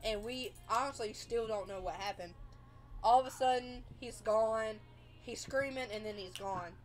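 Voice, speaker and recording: Female livestreamer, higher voice, loose rambling storytelling over faint music. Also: normal speed. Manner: rambling, many fillers and restarts.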